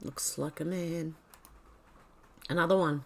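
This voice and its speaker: Reading posts aloud on her livestream, this Australian host offers casual commentary, trips over words and fixes them, mutters to herself, and occasionally coughs or clears her throat. She speaks slowly in a low, steady tone, with a little hiss or hum in the background.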